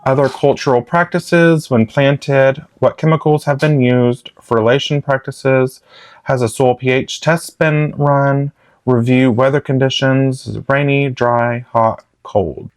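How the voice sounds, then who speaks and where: Male gardening instructor, mid pitch, dry close recording, clipped list-reading delivery. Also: fairly even intonation, unhurried, no room sound. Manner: reads terse bullet points in clipped fragments. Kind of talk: reading lecture slides aloud.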